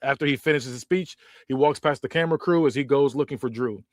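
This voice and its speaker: A man's voice: mid-range voice, fast, a little mellow, no echo, clean studio sound. A man hosting a podcast, narrating a story casually and hurriedly, with many restarts and self-corrections. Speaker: podcast host.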